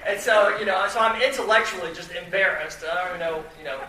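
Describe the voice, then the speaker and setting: A man tells an audience a self-deprecating personal story in a chatty style, full of fillers and restarts. His voice is high-pitched, fast, pushed and bright, picked up by a distant mic in an echoey room with faint noise.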